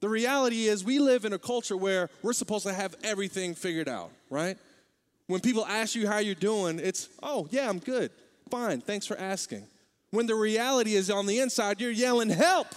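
A young man preaching a sermon as pastor, talking in a candid, conversational way and growing animated. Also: sits high, a little fast, clear, resonant tone, big-room sound.

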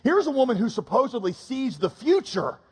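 A man preaching a sermon, reading scripture and adding quick comic asides. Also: very high-pitched, sing-song, darkish tone, breathy edge, big-room sound. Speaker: pastor.

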